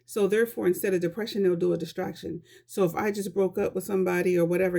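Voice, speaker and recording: A woman's voice: lowish voice, steady tone, quick pace, creaky, hardly any pauses, warm tone. A woman talking earnestly and conversationally to her viewers in a casual vlog, giving life advice. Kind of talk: casual talk to camera.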